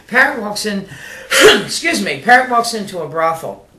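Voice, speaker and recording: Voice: mid-range voice, very animated, fairly quick, sharp tone. A joke teller telling rambling jokes casually, with fillers and asides. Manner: shaggy-dog pacing with fillers and asides. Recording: echoey room.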